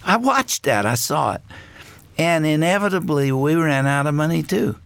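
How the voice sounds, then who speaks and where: An older man earnestly telling a personal story as an interview guest, unhurried and pausing often. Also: fairly high pitch, lively intonation, creaky, a bit bright, no echo. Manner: earnest, unhurried anecdote with frequent pauses.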